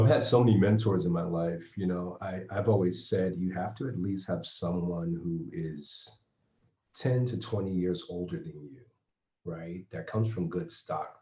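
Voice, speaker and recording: Very deep voiced guy being interviewed, upbeat, roomy echo. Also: moderate pace, warm tone. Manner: upbeat, laughs while telling stories. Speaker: guest, personal trainer. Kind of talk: interview conversation. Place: remote, in his own home base. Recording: echoey room.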